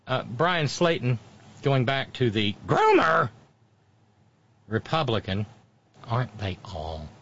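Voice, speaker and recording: A man's voice: mid-range voice, very animated, unhurried, fairly bright tone, lo-fi sound. A man hosting casual political commentary, sardonic and mocking, with frequent asides.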